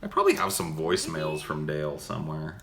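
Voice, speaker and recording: A man's voice: rumbling low, wildly swooping pitch, fast, vocal fry, a crowd in the background. A man hosting a livestream who chats in a rambling, laid-back way and laughs easily. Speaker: livestream host. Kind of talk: casual chat.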